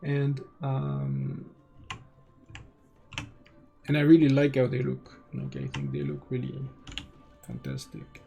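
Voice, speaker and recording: A man's voice: medium pitch, takes it slowly, vocal fry, long pauses, dark tone, lo-fi sound. A man with a French accent giving casual, think-aloud commentary while streaming a game, often restarting his sentences.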